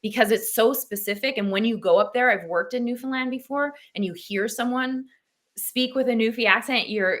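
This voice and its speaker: A woman actress as a podcast guest, chatting in an animated way and laughing easily. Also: fairly high pitch, normal speed. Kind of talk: casual interview chat.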